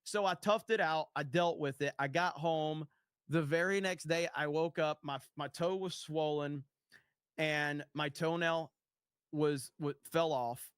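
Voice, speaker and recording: A man's voice: on the high side, fairly even intonation, a little slow, clear, resonant tone, no room sound, studio quality. A man hosting a casual livestream, rambling and swearing freely as he reads chat messages aloud and tells stories. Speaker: streamer.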